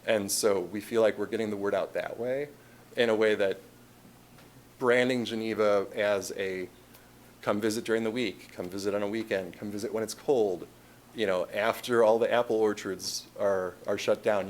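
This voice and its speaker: A man's voice: fairly low pitch, fairly even intonation, moderate pace, slight background noise. A man with a Chicago accent presenting a tourism marketing plan to a city council, casual and conversational with frequent fillers and restarts. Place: council meeting chamber.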